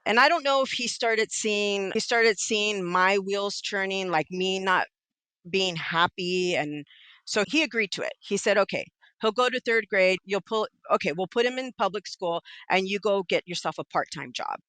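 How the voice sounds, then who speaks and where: A middle-aged woman with a bright, forceful voice, recorded close and dry. She tells her own story candidly and with animation, slipping into the voices of the people she quotes. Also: medium pitch, moderate pace, smooth, no echo. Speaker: podcast guest.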